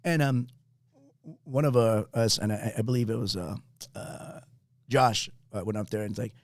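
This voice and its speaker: A man's voice: on the low side, normal speed, dry recording, studio quality. A man hosting a podcast, telling a rambling story in casual chat, swearing often and laughing along. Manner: rambling, swears a lot, laughs at own stories. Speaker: podcast host.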